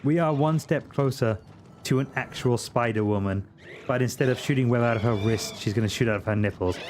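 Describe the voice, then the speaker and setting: A man's voice: medium pitch, fairly quick, darkish tone, a little hiss or hum. A man streaming a game live, chatting casually and ranting crudely in comic asides. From Britain.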